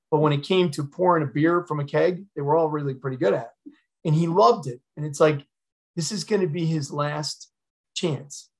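Middle-aged guy, retired fire chief, raspy-fry voice, telling a raw personal story to a crowd. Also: fairly high pitch, rough recording. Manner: candid, emotional, conversational storytelling. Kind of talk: personal storytelling talk to an online audience.

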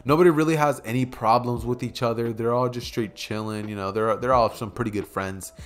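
A man's voice: medium pitch, steady tone, fairly quick. A young man casually improvising a fan story, rambling with many fillers and chuckling asides, at a desk mic by a keyboard.

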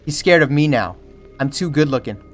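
A young man narrates his horror playthrough in a slightly high, very lively voice. He jokes between scares and breaks into yelps and panicked chatter when something jumps out. Quiet game music plays behind him. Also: fairly quick. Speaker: streamer playing a horror game. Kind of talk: let's play commentary. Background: faint game music.

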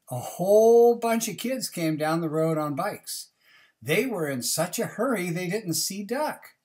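A woman reads a children's picture book aloud, stopping often to chat with her young listeners. Her voice is low but swings widely in pitch, and she takes her time. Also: a little mellow. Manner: chatty asides to young listeners. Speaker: reader.

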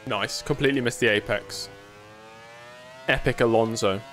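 A man's voice: mid-range voice, normal speed, a bit bright, soft background music. Chatty man streaming a race game. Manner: chatty, answering viewers casually; dry self-mocking humor. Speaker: sim racing streamer. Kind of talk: live gameplay commentary.

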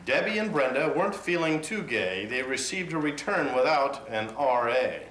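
A man's voice: medium pitch, big pitch swings, moderate pace, a bit bright. A man reciting a rhyming holiday poem for a company video. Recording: echoey room.

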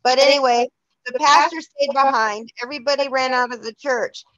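A woman's voice: sits high, steady tone, moderate pace, fairly bright tone, dry recording. A woman leading a casual Bible study, chatty and laughing, often restarting her sentences. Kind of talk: casual church study talk. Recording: dull lo-fi dry sound.

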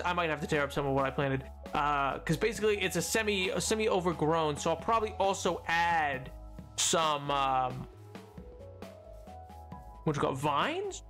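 A man's voice: high voice, lively intonation, normal speed, fairly bright tone, soft background music. A young man streaming a game, chatting casually, answering questions aloud and rambling playfully with lots of self-corrections. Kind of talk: casual livestream chat while gaming.

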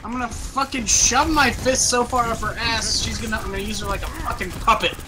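A man playing an online game with friends, shouting angrily and swearing at opponents. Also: very high-pitched, steady tone, a little fast, noisy background. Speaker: gamer streaming with friends. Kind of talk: casual gaming chat.

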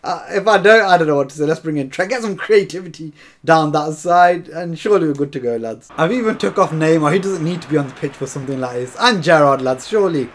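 A man giving excitable, chatty commentary over a football video game, often calling to his viewers as lads. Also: on the high side, fast talker, a little hiss or hum. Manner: chatty, keeps calling viewers lads, bursts into shouts and laughs. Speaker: gaming YouTuber.

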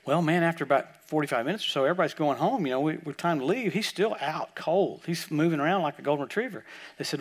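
Older man preaching with animated storytelling. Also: high voice, fast. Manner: animated, repeats words, acts out quotes, drops to soft tones. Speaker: guest preacher. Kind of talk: sermon storytelling.

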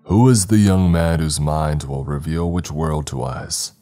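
A grave old priest with a very deep voice, measured and solemn, speaking in old-fashioned phrasing, as a man narrating a horror story puts him on. Faint music plays behind him. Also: dark tone. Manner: slow, solemn, archaic speech. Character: old male mystic priest, calm and grave.

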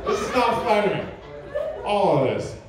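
A man's voice: high voice, very animated, normal speed, a loud crowd, very noisy. A man performing a crude, rambling stand-up comedy set on a club stage, with audience laughter behind him. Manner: crude, rambling, filler-heavy. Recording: echoey room, mic from far.

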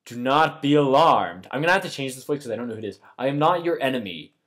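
A man reading game dialogue aloud as a gentle, solemn young prince of darkness, putting on a bad French accent. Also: mid-range voice, expressive, fast talker, close to an everyday voice. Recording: game music playing clearly behind.

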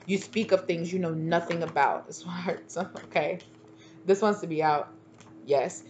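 A woman reading tarot cards in a loose, chatty way, slangy and sassy. Her voice sits fairly low, and she teases herself as she goes. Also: a little slow, a little mellow, a little hiss or hum. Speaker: tarot reader. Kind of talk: casual channeled tarot reading.

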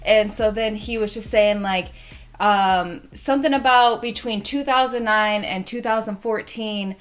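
Young adult woman for a casual storytime video, rambling and excitable delivery. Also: mid-range voice, a little slow. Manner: rambling, filler-heavy, excitable.

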